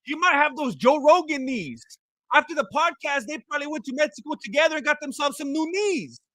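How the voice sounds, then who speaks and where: On a dry recording, a man with an extremely high, expressive, slightly bright voice talks briskly through a live fight. His watch-along commentary is casual and jokey, rambling and repetitive.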